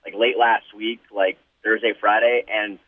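A sports reporter guest talking casually and hesitantly on a podcast phone call. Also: male voice, lowish voice, level tone, a little slow, no room sound. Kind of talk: phone interview. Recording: tinny phone line.

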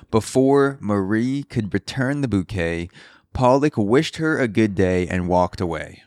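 Low-voiced man riffing on his podcast. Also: dry recording, clean studio sound. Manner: loose, profane, riffing on the news. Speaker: podcast host. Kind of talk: casual solo podcast commentary. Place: apartment in a city building, indoors. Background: construction drilling outside.

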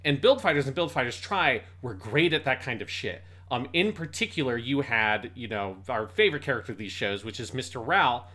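Bright-voiced man in animated review chat. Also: mid-range voice, fairly quick, few pauses. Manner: animated, swears freely, acts out quotes. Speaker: podcast co-host. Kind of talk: casual review discussion.

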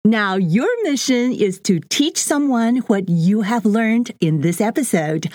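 A woman teaching a children's language lesson, repeating each phrase slowly and clearly in a sing-song way. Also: mid-range voice, animated, a little mellow, no room sound, clean studio sound.

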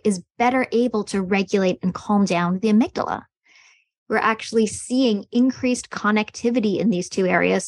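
A woman guest on a podcast, explaining clearly with some lift in her voice. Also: mid-range voice, no room sound. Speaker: guest expert on meditation.

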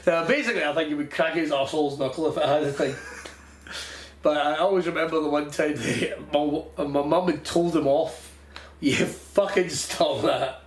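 A man's voice: fairly high pitch, steady tone, a little fast. A Scottish man co-hosting a podcast, telling rambling anecdotes with lots of swearing and laughter. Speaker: podcast co-host. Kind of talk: casual chat. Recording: echoey room, faint noise.

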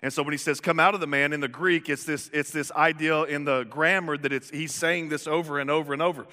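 A man preaching a sermon, animated and jokey. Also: fairly high pitch, brisk. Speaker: pastor. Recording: echoey hall reverb.

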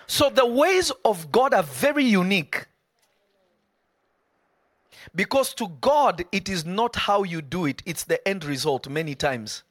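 A man delivers a live sermon in a high voice, emphatic and conversational, often breaking off into quick asides to his listeners. The sound is dry and close. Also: expressive, dry recording. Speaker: preacher.

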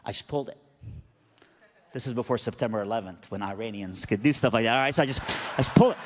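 A man's voice: medium pitch, quick pace, slight background noise. A man preaching, telling a story with animation and frequent stammered restarts. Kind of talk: sermon storytelling. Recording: long hall reverb.

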